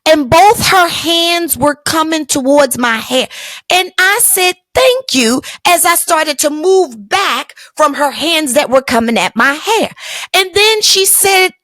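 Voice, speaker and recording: A woman's voice: high voice, animated, a little slow, fairly bright tone, no room sound. A woman hosting a podcast, telling a personal story in an emphatic, colloquial, motivational way. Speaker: podcast host.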